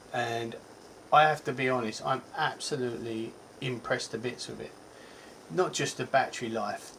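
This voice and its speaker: A man's voice: mid-range voice, fairly bright tone, a little hiss or hum, poor audio. A man with a Cockney accent giving a casual, rambling product review, chatty and full of ums and self-corrections. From England. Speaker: tech reviewer.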